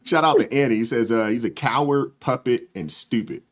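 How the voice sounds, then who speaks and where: A man hosting a live stream, casually reading viewer comments aloud and chatting in a relaxed, agreeable way. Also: medium pitch, moderate pace. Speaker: host.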